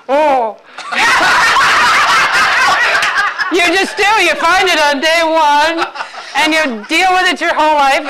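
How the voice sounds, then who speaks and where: Bright, crisp-voiced woman joking with an audience. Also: high-pitched, low-quality recording. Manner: playful, quizzes the audience with quick questions. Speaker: author and intimacy speaker. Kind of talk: humorous talk to a live audience.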